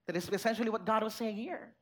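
High-voiced Filipino woman preaching. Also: quick pace. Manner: lively, acts out little scenes and asks the congregation questions. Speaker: pastor. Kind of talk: sermon.

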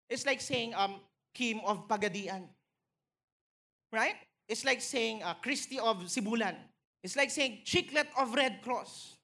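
A woman with a Filipino accent preaching a sermon in church, building to emphatic, excited peaks. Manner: animated, rising to emphatic highs, mixing in Tagalog phrases.

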